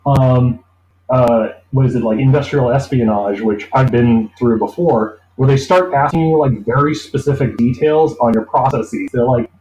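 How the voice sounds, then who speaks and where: A man telling a long anecdote in a relaxed interview, rambling and acting out the people he quotes. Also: mid-range voice, moderate pace, slight background noise. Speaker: interview guest. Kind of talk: casual storytelling. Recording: roomy echo.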